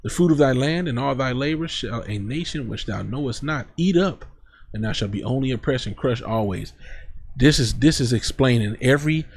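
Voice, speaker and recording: A man's voice: mid-range voice, animated, normal speed, slight background noise. A man teaching from scripture, reading verses aloud and then explaining them in casual, blunt street talk. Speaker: preacher.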